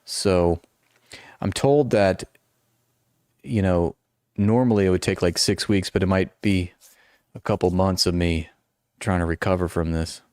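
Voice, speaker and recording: Low-voiced guy, 40s, chatty livestream ramble, laughs at himself, lots of false starts. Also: unhurried, long pauses, darkish tone, smooth, no echo, clean studio sound. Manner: rambling, self-deprecating, many restarts. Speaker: livestream host. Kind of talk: casual livestream chat. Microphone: noise-canceling headphones.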